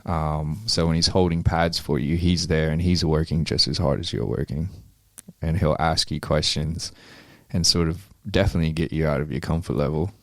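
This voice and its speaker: Guest voice: low gravelly man, rambling, swears freely, close and dry. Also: steady tone, moderate pace, no echo. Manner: laid-back, rambling, swears often, many ums. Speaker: amateur boxer, interview guest. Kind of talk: casual chat.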